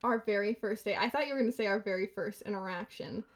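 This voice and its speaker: A woman in her twenties telling a story in a casual podcast chat, talking fast and animated, laughing and acting out quotes. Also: mid-range voice.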